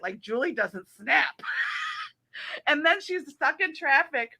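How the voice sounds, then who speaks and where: A middle-aged woman hosting a casual talk show, telling animated stories and laughing often. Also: sits high, measured pace, creaky, raised voice. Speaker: host. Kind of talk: casual chat.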